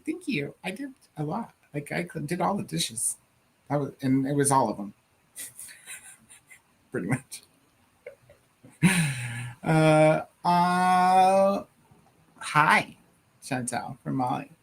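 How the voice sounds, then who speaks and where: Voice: medium pitch, gravelly, husky. A co-host with a Southern US accent chats casually on a live reading stream, laughing often and reading viewer comments aloud. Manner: giggly and playful, drawling, laughs often.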